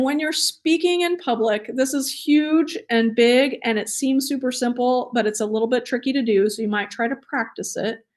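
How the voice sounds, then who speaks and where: A woman instructor giving a recorded training lecture, chatty and enthusiastic, with fillers and small laughs. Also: sits high. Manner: energetic and enthusiastic.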